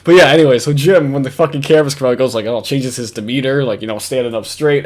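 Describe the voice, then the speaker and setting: A man's voice: medium pitch, fairly quick, a little mellow. Mocking, laughing young commentator man. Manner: mocking, laughing, profane, rambling with many fillers. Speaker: commentary host. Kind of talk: casual reaction commentary. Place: home recording setup. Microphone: wired headphones with computer mic.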